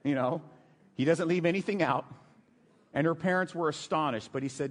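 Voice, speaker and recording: A man preaching a sermon, telling a scripture story in an animated way, dropping to hushed emotional tones at key moments. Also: fairly high pitch, normal speed, pauses often. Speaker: pastor. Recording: long hall reverb.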